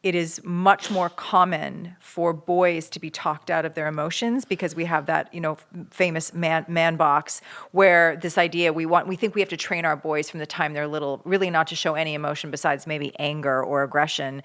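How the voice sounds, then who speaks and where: A middle-aged woman from Canada co-hosting a parenting podcast, talking casually and acting out quoted voices with big jumps in pitch. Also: fairly even intonation, moderate pace, a bit bright. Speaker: podcast co-host.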